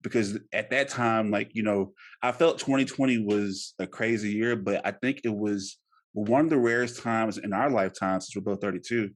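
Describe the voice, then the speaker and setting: Male podcast host, 30s, lowish voice, animated, laughs often, stumbles over repeated words. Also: moderate pace. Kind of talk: casual podcast interview.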